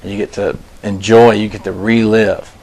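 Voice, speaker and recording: A man hosting a story show, telling a personal tale in a loose, conversational way, his voice climbing when excited and sinking low and quiet when reflective. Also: moderate pace. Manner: loose, conversational, restarts and "I was like" asides. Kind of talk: casual spoken storytelling.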